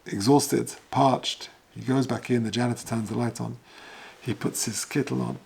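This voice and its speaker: A man's voice: medium pitch, little pitch movement, moderate pace, vocal fry, a little mellow, slightly rough. A man, a rabbi, telling a moving story as a sermon in an earnest way. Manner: earnest, builds intensity at emotional moments.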